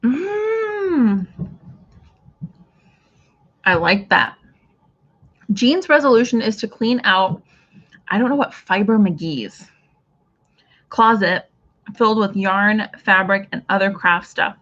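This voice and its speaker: A woman hosts a relaxed craft livestream in a middle-pitched voice. She rambles warmly through viewer comments, restarting her thoughts as she goes. The recording is muffled and lo-fi. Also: a little slow, long pauses. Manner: chatty, reads out viewer comments, trails off and restarts. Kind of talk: casual livestream chat with viewers.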